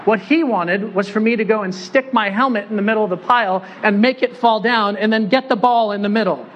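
A man with a high-pitched voice preaching a sermon to a church congregation. He keeps it conversational and light, joking and asking the listeners questions. A faint hiss of room noise runs underneath. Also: fairly quick, fairly bright tone, lo-fi sound. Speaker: pastor.

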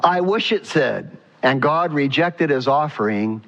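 Slow, emphatic male pastor preaching. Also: fairly high pitch, lively intonation, gravelly, a bit bright, muffled recording. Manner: emphatic preaching with acted-out quotes. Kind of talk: sermon.

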